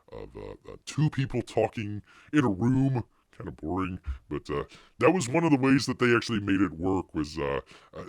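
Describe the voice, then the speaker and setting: A man's voice: lowish voice, no echo, studio quality. A man hosting a live stream, chatting casually in a rambling way, with frequent restarts and laughter. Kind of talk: casual review chat.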